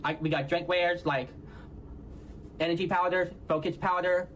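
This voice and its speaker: A man from Houston with a Texan accent, speaking in halting, hard-to-follow phrases and ending nearly every phrase with "all right, y'all?". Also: sits high, steady tone, a bit bright, slight background noise. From Houston, Texas. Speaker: content creator in a played clip. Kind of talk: casual self-explaining talk to viewers.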